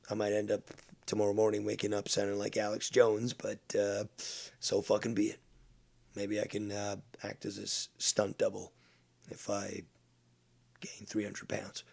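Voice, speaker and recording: A man's voice: fairly low pitch, gravelly, a little mellow. A man hosting a live stream, blunt and sarcastic and swearing often. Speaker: streamer and host.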